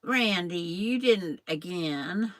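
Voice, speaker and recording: Slow, chatty older woman quilter. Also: lowish voice, animated, fairly bright tone, no echo, low-quality recording. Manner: rambling, chatty, addresses viewers by name. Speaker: quilting channel host. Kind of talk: casual chat while sewing on a live stream.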